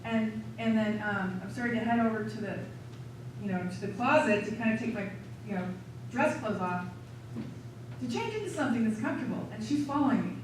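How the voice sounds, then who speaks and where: A woman seminar leader teaching through a chatty, animated personal story, acting out her inner thoughts. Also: fairly high pitch, a little fast. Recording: echoey room, distant mic, noisy.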